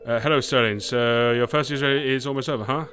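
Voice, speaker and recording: A British man reading a game shopkeeper's lines aloud in a bright put-on voice. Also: mid-range voice, fairly even intonation, brisk, soft background music, natural voice. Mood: chirpy.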